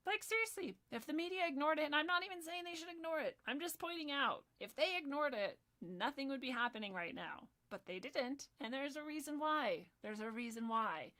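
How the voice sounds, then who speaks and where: A young woman giving heated personal commentary, swearing often and swinging between loud ranting and soft, quiet asides. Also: high-pitched, lively intonation, brisk, hardly any pauses. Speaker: video commentator.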